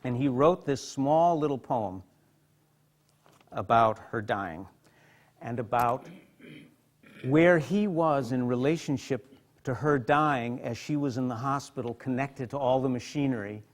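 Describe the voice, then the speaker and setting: A man giving a lecture as a psychotherapist, speaking with heartfelt feeling and dropping soft and quiet in tender passages. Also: medium pitch, unhurried, long pauses. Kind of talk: emotional lecture with literary readings. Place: hospital lecture hall.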